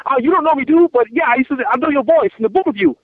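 A man calls in by phone and tells his story in a loose, animated rush, circling back and repeating himself. His voice sits very high for a man. The line is thin and phone-like, with no room sound. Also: fast, no echo. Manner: animated storytelling, repetitive, restarts. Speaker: caller. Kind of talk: casual phone call. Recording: tinny phone line, dry.

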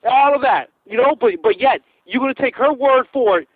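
A man, calling in by phone and telling a long story in a casual, animated way, full of repeats and restarts. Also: extremely high pitch, normal speed, dry recording. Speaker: caller. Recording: tinny phone line, dry.

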